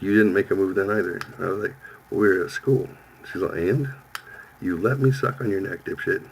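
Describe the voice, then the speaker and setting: Man in his fifties, profane storyteller, low voice, faint hiss. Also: gravelly, rough recording. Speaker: podcast host. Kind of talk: casual storytelling chat.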